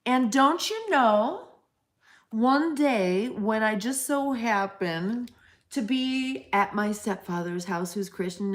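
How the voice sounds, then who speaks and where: Slow-talking blunt woman, higher voice. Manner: blunt, profane and frank; teasing, affectionate pet names. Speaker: livestream host answering chat. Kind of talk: casual chat with viewers.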